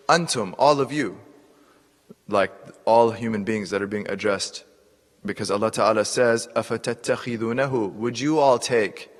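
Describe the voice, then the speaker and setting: A man teaching Quran exegesis in a lecture, explaining patiently with repeated words and quick Arabic recitations. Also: medium pitch, in a large hall. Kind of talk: classroom lecture.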